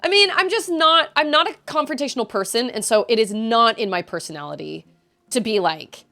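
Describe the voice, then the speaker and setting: A woman's voice: on the high side, animated, a little fast, sharp tone. A woman streaming a game, venting in casual chat to her viewers, rambling with frequent restarts. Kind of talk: casual chat while gaming.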